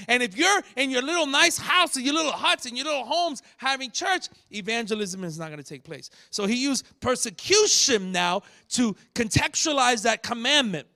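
A man preaching a sermon, teaching from scripture and acting out sharp rebukes with rising shouts. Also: very high voice, expressive, normal speed, vocal fry, few pauses. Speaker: pastor.

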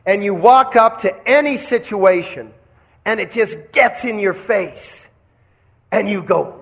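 Guy teaching kundalini yoga live, keeps quizzing the class, kinda high voice, muffled old recording. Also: lively intonation, a little slow, vocal fry. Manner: questioning, has the class repeat phrases. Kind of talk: live lecture to a class with call-and-response. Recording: dull lo-fi recording.

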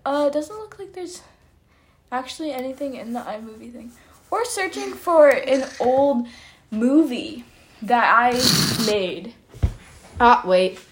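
A hoarse woman hosting a podcast, reading her old stories aloud with giggly, self-mocking asides. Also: fairly high pitch, slight background noise. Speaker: podcast host.

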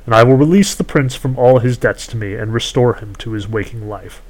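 A man's voice: mid-range voice, fairly quick, darkish tone, close to an everyday voice, low-quality recording. A man voicing a scheming, ageless sorceress woman who trades in stolen youth, talking in a cool, bargaining, condescending way.

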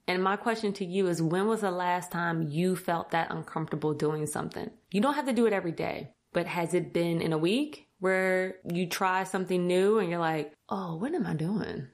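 A lively woman hosting a casual talk, speaking to her listeners as "y'all". Her voice sits a little low but jumps up high when she acts out her own doubts, and she pokes fun at herself. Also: moderate pace. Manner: animated, self-mocking, acts out her own thoughts in a higher voice; talks directly to listeners as "y'all". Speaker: podcast host.

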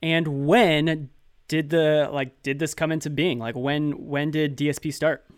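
A man's voice: on the high side, steady tone, unhurried, clear, resonant tone, dry recording, clean studio sound. A man co-hosting a podcast, chatting casually with lots of filler words. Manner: chatty, hesitant with many fillers. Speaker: podcast co-host.

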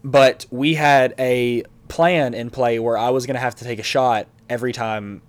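A man's voice: mid-range voice, fairly even intonation, normal speed, clear, resonant tone. A man in his twenties co-hosting a podcast, telling a rambling story full of fillers and laughing as he goes. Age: 20s. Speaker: podcast co-host. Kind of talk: casual storytelling chat.

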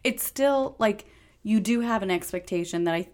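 A woman co-hosting a podcast in casual chat, animated and exasperated as she picks things apart, swearing offhandedly. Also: medium pitch, normal speed. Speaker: podcast co-host.

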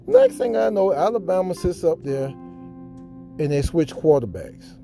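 A man with a very dark, mellow tone that sits a little high in pitch. He tells his story earnestly and dramatically, repeating lines for effect. Soft guitar music plays faintly behind him. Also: lively intonation, unhurried, vocal fry. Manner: earnest, heartfelt. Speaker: podcast host. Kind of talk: emotional sports fan monologue.

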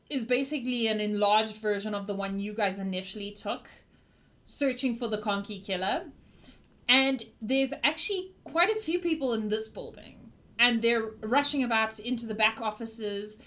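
A woman narrating a tabletop role-playing game as game master, chatty and quick to laugh, thanking viewers between scenes. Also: fairly high pitch, a bit bright.

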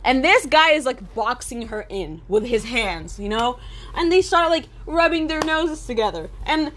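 A woman's voice: high voice, very animated, moderate pace, fairly bright tone. A young woman vlogging in a casual monologue, sarcastic and profane, rambling with lots of fillers.

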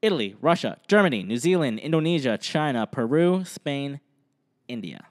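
A man's voice: mid-range voice, sing-song, normal speed. A young man co-hosting a podcast in casual chat, joking, laughing often and reading quiz options aloud. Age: young adult. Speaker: podcast co-host.

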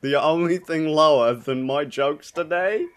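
A man, co-hosting a casual podcast and trading dry, dark-humoured quips. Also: on the high side, measured pace, clear, resonant tone. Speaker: podcast co-host. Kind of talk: casual banter.

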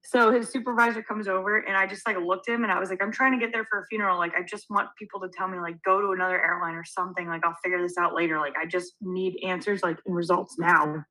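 A woman's voice: mid-range voice, quick pace, few pauses, poor audio. A young woman co-hosting a podcast, telling a story in casual chat, acting out quotes and swearing freely. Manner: animated, acts out quotes, swears. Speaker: podcast co-host.

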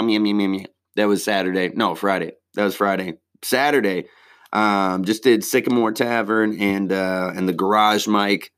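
A man's voice: fairly low pitch, clean tone. A stand-up comedian, a man, casually recapping his week in a rambling, laid-back way, swearing freely and using slang.

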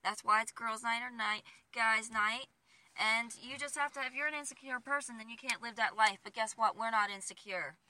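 Female co-host, outspoken and sharp-toned, casual chat. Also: fairly high pitch, normal speed, slight background noise. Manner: blunt, opinionated.

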